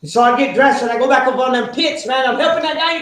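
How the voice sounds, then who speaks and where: Animated man in echoey hall. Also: extremely high pitch, fast talker, hardly any pauses. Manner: animated storytelling, rising to shouts. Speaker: speaker sharing a recovery story. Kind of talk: testimony to a live audience. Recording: very echoey room, faint noise.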